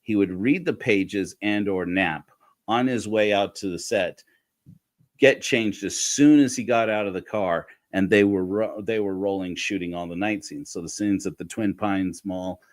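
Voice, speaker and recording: A man's voice: fairly low pitch, a little slow. A man telling a story in a loose, casual way, often restarting and correcting himself. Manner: rambling, frequent restarts and self-corrections. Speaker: speaker giving a talk.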